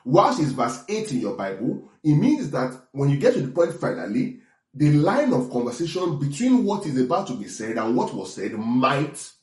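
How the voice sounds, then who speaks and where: A man's voice: a little high, very animated, moderate pace, a little mellow. Man preaching a conversational sermon, echoey. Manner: conversational teaching, frequent "right?" and restarts, chuckles. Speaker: pastor.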